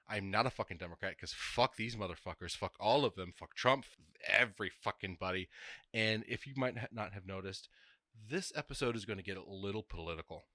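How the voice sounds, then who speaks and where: A man's voice: fairly low pitch, pushed and bright, no room sound, clean studio sound. A man co-hosting a casual podcast over a video call, ranting with heavy swearing. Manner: profane, heated ranting. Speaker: podcast co-host.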